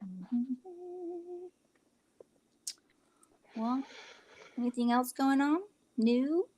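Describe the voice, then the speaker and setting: A woman from California with a slight Southern-sounding lilt, chatting casually, blunt and quick to swear. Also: high-pitched, animated, mellow. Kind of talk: casual chat.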